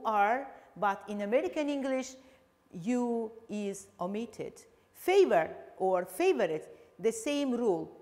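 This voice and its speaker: A woman English teacher with an Azerbaijani accent, slowly explaining a televised lesson with frequent fillers. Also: fairly high pitch, in a large hall. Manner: slow, deliberate explaining with fillers.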